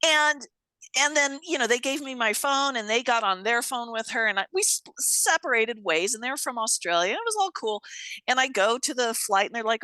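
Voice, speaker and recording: A woman telling a story in an animated way, swearing casually and acting out the voices of people she quotes. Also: a little high, moderate pace, no echo. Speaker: guest.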